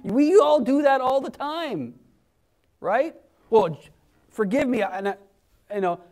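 High-voiced man preaching animatedly. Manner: conversational, animated, acts out crowd voices. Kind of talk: sermon.

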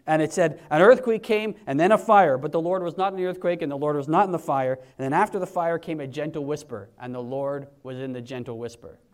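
A man in his forties preaches a sermon with a fairly high voice. He talks in a lively, conversational way, dropping to a hush or rising sharply as he acts out what others say. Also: fairly quick, hardly any pauses. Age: 40s. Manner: animated, conversational preaching, acting out quotes in hushed and raised voices.

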